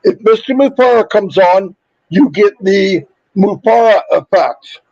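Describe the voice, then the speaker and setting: A man with a fairly high voice hosts a casual livestream, upbeat and chatty as he rattles through shout-outs. His voice is wearing thin from overuse. The sound is dry and a little muffled, with no room echo. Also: expressive, unhurried. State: losing his voice. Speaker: livestream host.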